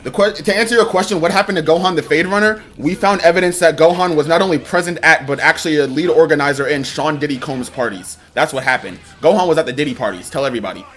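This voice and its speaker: A young man streaming a video game live, commentating in an excitable, rambling way and often laughing. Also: fairly high pitch, fast talker, few pauses. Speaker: gaming streamer.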